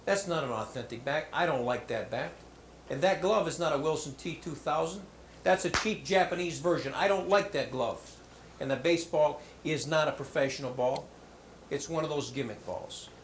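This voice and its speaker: A man's voice: fairly high pitch, moderate pace, lightly acted. A man voicing a sulky nine-year-old boy who complains and grumbles about everything, within a joke told in a school hall. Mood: sulking. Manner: whiny, grumbling. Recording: roomy hall with faint background noise.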